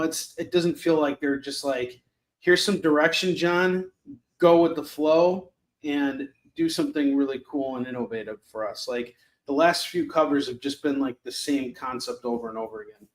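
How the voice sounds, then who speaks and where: A man runs a live shopping stream for comics, keeping his pitch loose and talkative at a normal speed. Sarcastic jokes and frequent fillers run throughout.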